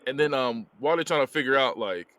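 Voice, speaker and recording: Animated man recapping a movie. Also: mid-range voice, dry recording. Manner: animated storytelling, laughs often, drops quick character voices. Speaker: podcast host reviewing a movie. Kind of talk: casual plot recap.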